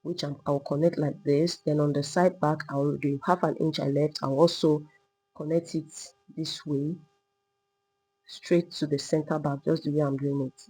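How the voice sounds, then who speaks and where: Husky woman teaching pattern drafting. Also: deep voice, steady tone, moderate pace, mellow, rough recording. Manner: patient, repetitive demonstrating, talking while working. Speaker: sewing instructor. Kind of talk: step-by-step sewing tutorial.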